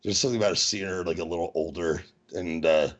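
A man co-hosting a podcast in casual chat, rambling with halting restarts and chuckling at his own jokes. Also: low-pitched, fairly even intonation. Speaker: podcast co-host. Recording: dull lo-fi recording.

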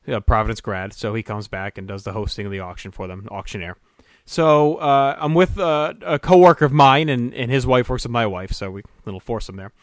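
A man co-hosting a podcast, animated as he tells a story and laughs along with it. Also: mid-range voice, a little fast, no room sound, clean studio sound. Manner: animated, laughs through his own story. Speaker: podcast co-host. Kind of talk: casual storytelling chat.

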